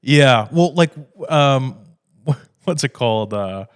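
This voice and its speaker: Animated guy hosting a chat. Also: medium pitch, takes it slowly, clean tone, dry recording, clean studio sound. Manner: laughing, animated storyteller who swears. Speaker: podcast host. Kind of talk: casual chat.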